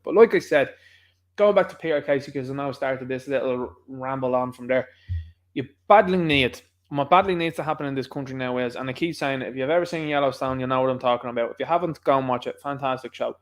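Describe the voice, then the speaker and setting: A man with a Dublin Irish accent, hosting his own channel, giving rambling, combative political commentary in an impassioned way. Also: on the high side. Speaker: channel host.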